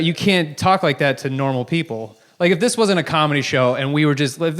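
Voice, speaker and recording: A man's voice: a little high, fairly bright tone. Brash, profane stand-up comic man. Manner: brash, profane, self-mocking storytelling. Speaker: stand-up comedian. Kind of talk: stand-up comedy set. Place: comedy club stage before a live audience.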